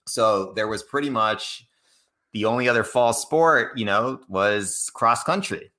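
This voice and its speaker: Bright-voiced man telling stories. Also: on the low side, measured pace. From Cambridge, Massachusetts. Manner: animated, laughs often. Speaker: guest. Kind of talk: casual storytelling.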